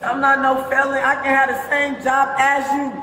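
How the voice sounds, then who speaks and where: A woman's voice: high voice, completely flat delivery, normal speed, sharp tone. A woman detained by police, furious and cursing, hurling threats at the officers. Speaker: detained driver. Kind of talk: heated confrontation with police. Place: police stop and hospital room. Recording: echoey room with long reverb, faint noise.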